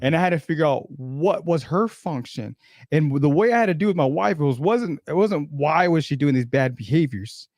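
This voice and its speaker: A man's voice: fairly high pitch, lively intonation, normal speed, a little mellow, no echo, clean studio sound. A man who works in behavior and psychology co-hosts a chat show, explaining plainly and laughing easily. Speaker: behavior psychologist and podcast co-host. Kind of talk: casual chat.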